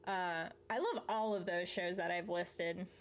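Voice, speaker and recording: A woman's voice: on the low side, steady tone, measured pace. Rambling woman chatting on stream. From Southern United States. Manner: rambling and chatty, swears casually, often laughs mid-sentence. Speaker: live streamer. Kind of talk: casual live-stream chat, reading out viewer comments.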